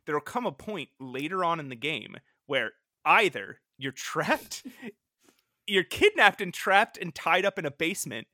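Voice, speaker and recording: A man co-hosting a podcast in casual chat, animated and laughing often as he acts out his reactions. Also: on the high side, unhurried, no echo. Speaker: podcast co-host.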